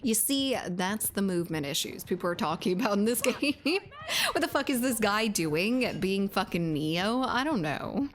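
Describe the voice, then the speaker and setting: A woman game streamer from Latin America rambles between rounds, loose and profane, quick to laugh. Her pitch moves animatedly up and down, and a faint hum of ambient noise sits under her streaming mic. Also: lively intonation. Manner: chatty, profane, laughing often. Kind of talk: casual gaming stream chat.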